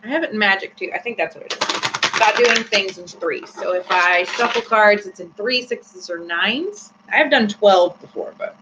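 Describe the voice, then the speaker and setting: A woman's voice: medium pitch, moderate pace. A woman hosting a casual live-stream tarot reading, chatty and giggly with many fillers. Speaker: host. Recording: slightly dull with faint hum.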